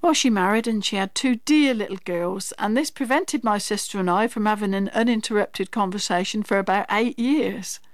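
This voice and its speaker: A woman's voice: medium pitch, moderate pace, hardly any pauses, no room sound, clean studio sound. A woman telling a wry family anecdote as an introduction to comic verse.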